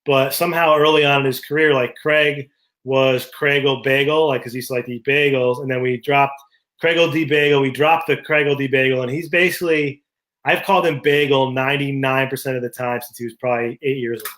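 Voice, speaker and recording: A man's voice: medium pitch, fairly even intonation, fairly quick, a bit bright. A man co-hosting a casual talk show, easygoing and telling personal stories. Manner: easygoing, tells anecdotes. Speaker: podcast co-host. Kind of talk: casual chat.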